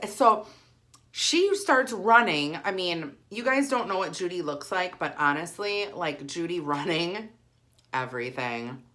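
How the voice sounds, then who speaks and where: A woman, telling a story in a chatty, animated vlog style. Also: fairly low pitch, a little slow, background noise. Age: 40s. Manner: animated, chatty, heavy use of "like". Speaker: vlogger. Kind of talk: casual storytelling while eating.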